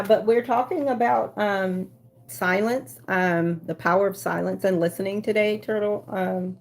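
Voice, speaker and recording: Chatting back to viewers after reading their comments aloud, this livestream host rambles with frequent fillers and restarts. She has a mid-range, slightly mellow voice with vocal fry.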